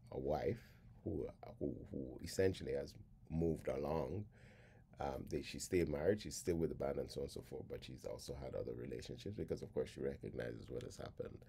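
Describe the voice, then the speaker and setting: Low, husky man giving a reflective lecture. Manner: deliberate, reflective, drops to a hush at moments. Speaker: lecturer on song lyrics. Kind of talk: spoken lecture.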